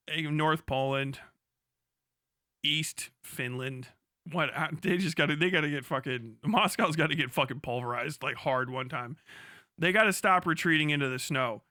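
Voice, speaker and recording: Bright, excitable, profane young man. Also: a little high, normal speed, clean tone, no room sound, studio quality. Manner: profane, excitable, laughs often, jumps from topic to topic. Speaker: livestreamer. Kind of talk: casual rant to a live chat.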